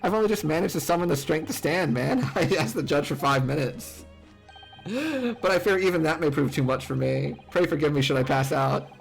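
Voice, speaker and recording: A man's voice: fairly high pitch, lively intonation, moderate pace, gravelly, soft background music. A man voicing an eccentric, theatrical male detective in a game, speaking in an elaborate, genteel way.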